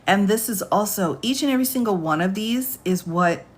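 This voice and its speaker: A woman's voice: mid-range voice, animated, moderate pace. A woman attorney explaining law on a phone livestream in a chatty way. She laughs often and reads legal text aloud.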